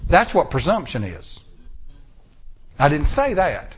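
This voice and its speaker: A man with a Southern US accent preaching a sermon in an animated, folksy storytelling style. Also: sits high, a little slow, husky.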